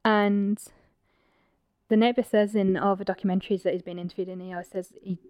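A woman's voice: mid-range voice, fairly even intonation, brisk, no echo, highs cut off. A woman hosting a true-crime podcast, narrating the case with blunt, teasing asides. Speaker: podcast host.

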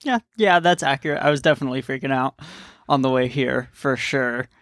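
A man's voice: mid-range voice, fairly quick, fairly bright tone, no room sound. A young man hosting a casual studio chat in an easygoing, agreeable way.

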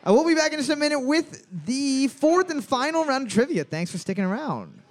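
A young man with a high, bouncy voice runs a trivia night in a bar, calling out questions and scores between crude jokes. His pitch leaps all over as he banters and swears casually. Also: brisk. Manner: joking, animated, swears casually.

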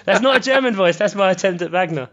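A man's voice: high voice, animated, fast, fairly bright tone. A man hosting a casual, jokey chat and leading the questions. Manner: jokey, puts on voices. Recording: slightly dull lo-fi sound.

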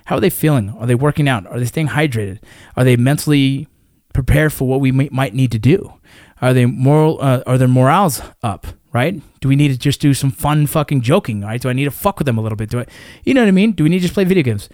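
A man's voice: medium pitch, quick pace, darkish tone, no room sound, clean studio sound. A man in his thirties or forties, a military veteran guest talking in a blunt, profane, emphatic way in casual conversation.

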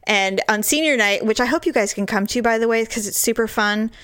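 A woman in her forties chatting casually as a podcast host, candid and quick to laugh, with frequent swearing. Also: a little high, a bit bright, clean tone, no room sound, clean studio sound. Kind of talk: casual chat.

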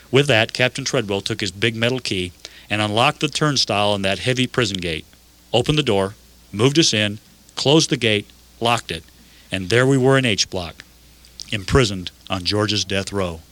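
An older man narrating a first-person story in an earnest, measured way. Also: on the low side, fairly bright tone.

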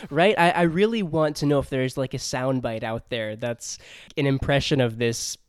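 A man hosting a casual book discussion podcast, animated and laughing often as he talks. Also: mid-range voice, normal speed, smooth, no room sound, studio quality.

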